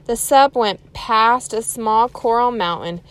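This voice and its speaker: A woman's voice: fairly high pitch, slow. A woman reading a chapter book aloud to children, adding chatty asides to her young listeners.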